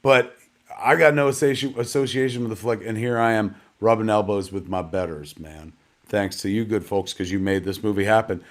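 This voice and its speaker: A man's voice: fairly low pitch, normal speed. A middle-aged man hosting a live online premiere show, rambling casually and poking fun at himself, dropping "man" and "kids" as he talks. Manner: chatty, rambling, self-deprecating, peppered with "man" and "kids". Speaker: host.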